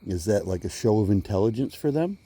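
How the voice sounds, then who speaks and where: A man's voice: fairly low pitch, animated, breathy edge. Rambling man on a woods walk. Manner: musing, halting, with sudden loud call-outs. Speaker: vlogger. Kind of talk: rambling walk-and-talk vlog. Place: outdoors in woods.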